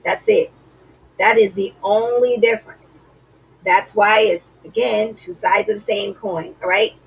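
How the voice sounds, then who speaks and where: Gravelly-voiced woman giving earnest advice. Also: mid-range voice, steady tone, measured pace, recorded from a distance, poor audio. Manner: earnest, preachy, retelling stories with lots of "like". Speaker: relationship advice vlogger. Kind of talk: casual advice talk.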